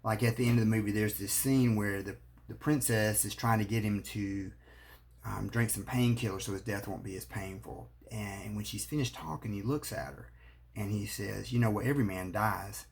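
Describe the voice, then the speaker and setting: A man's voice: fairly low pitch, normal speed, gravelly, a little mellow. A man, a marriage therapist giving earnest advice straight to the camera. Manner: earnest, coaching, speaks straight to the viewer. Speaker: marriage therapist and relationship coach. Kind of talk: direct-to-camera advice talk.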